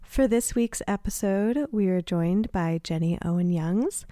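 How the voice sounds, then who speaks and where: A woman's voice: medium pitch, unhurried, mellow, dry recording, clean studio sound. A woman host reading a scripted podcast intro in an upbeat, friendly way.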